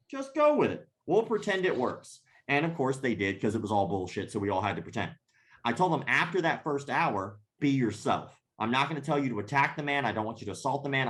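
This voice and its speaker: A man in the middle of a podcast story, talking casually and swearing freely. He laughs through his own anecdote and keeps it animated. His voice sits at an ordinary middle pitch. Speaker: podcast guest.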